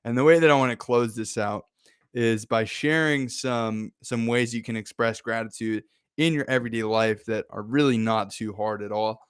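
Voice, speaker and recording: A laid-back man hosts a casual motivational talk, chatty and loose and full of fillers. His voice is smooth and clear, and it sounds dry and close. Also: medium pitch, fairly even intonation, normal speed, dry recording. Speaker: host.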